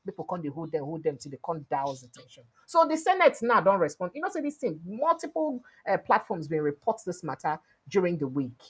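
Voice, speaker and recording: A woman with a Nigerian accent hosting an online news show, telling the news in pidgin and acting out quoted lines loudly. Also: lowish voice, very animated, brisk, hardly any pauses, breathy edge.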